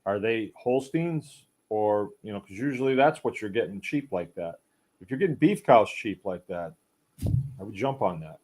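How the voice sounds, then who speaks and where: A man's voice: lowish voice, lively intonation, normal speed, a little mellow. A middle-aged man hosting a casual chat, rambling in a folksy way and reading viewer comments aloud. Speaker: podcast host. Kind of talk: casual live-stream chat.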